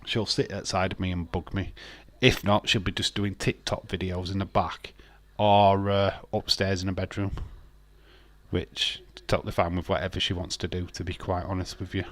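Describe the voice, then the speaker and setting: This man has a low, level voice and speaks at normal speed. On a wrestling watch-along live stream, his casual chatter is blunt and rambling, full of repeated words and frequent laughs.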